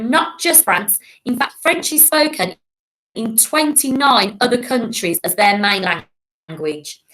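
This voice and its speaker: A woman's voice: fairly high pitch, a bit bright. Woman teaching young children. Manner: clear, patient, encouraging teacher's voice. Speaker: primary school teacher. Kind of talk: recorded classroom lesson for children.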